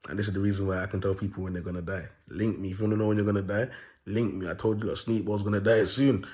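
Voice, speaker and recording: A young man with a lowish, darkish voice delivers an unscripted monologue as a self-styled prophet, racing along with fairly even intonation. He talks raw and bold in street slang, rambling and repeating himself.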